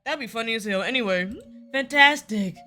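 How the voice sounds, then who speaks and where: A woman's voice: a little high, a little fast, pushed and bright, faint music behind. A young woman playing a visual novel with commentary, playful and teasing, laughing often and throwing in slangy asides. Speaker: gaming content creator.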